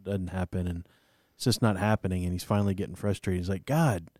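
Low, mellow man telling a joke. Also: level tone, fast talker, no room sound, studio quality. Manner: rambling, self-deprecating storyteller with many fillers. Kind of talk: casual faith chat.

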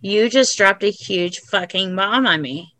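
A woman's voice: medium pitch, a little slow, pushed and bright, no echo. A woman in recovery chatting frankly on a podcast, swearing freely. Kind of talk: casual conversation.

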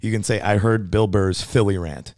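A young man with a deep, low voice co-hosting a podcast. He talks loosely, swears freely and circles back over his own points. The sound is dry and close. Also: steady tone, normal speed, a little mellow, no room sound. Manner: loose, swears a lot, repeats himself. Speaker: podcast co-host. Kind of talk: casual podcast chat.

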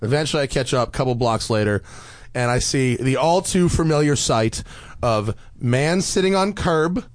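Male podcast host, loose and profane, animated pitch, dry sound. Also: moderate pace, no room sound. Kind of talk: casual chat.

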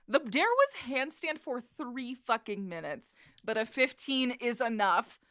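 A woman's voice: fairly high pitch, sing-song, measured pace, fairly bright tone. A woman running a tabletop game as game master, casual, swearing freely and laughing often.

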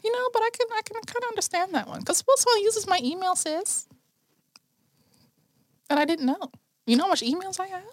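A woman's voice: very high voice, brisk, pauses often, no echo, studio quality. A young woman co-hosting a podcast in casual chat, ranting emphatically and dramatically. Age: young adult. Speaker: podcast co-host.

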